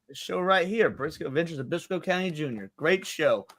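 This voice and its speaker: A man's voice: fairly high pitch, animated, a little fast, a bit bright, no echo. A man guesting on a movie podcast, blunt and rambling with many restarts. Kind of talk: casual movie chat.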